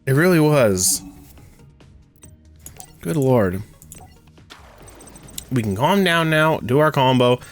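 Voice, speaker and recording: A man's voice: medium pitch, animated, slow pace, pauses often, soft background music. A young man commentating his own card game play, ranting and swearing as his frustration builds. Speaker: gaming streamer. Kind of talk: gameplay commentary.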